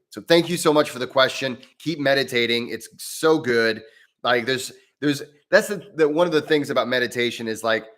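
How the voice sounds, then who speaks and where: A man's voice: medium pitch, fairly bright tone. A man hosting a live Q&A as a breathwork coach, explaining in an earnest way and thinking aloud as he answers member questions.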